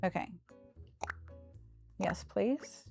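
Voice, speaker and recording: A woman streaming a relaxing life-sim game, talking her viewers through what she is doing in a soft, unhurried way. Her voice sits at an ordinary middle pitch, and gentle game music plays faintly underneath. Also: poor audio. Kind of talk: casual gameplay commentary.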